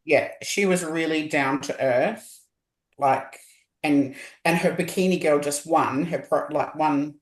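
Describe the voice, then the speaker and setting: A fairly high-voiced man chatting casually and thinking aloud as he talks. His voice carries a roomy echo. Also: slow. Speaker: podcast co-host, bodybuilder. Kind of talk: casual chat.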